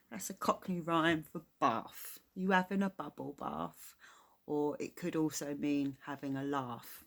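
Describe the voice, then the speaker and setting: Low-voiced English woman explaining slang. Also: steady tone, gravelly. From England. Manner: chatty, explains slang with quick laughs. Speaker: reaction video host. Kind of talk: casual reaction commentary.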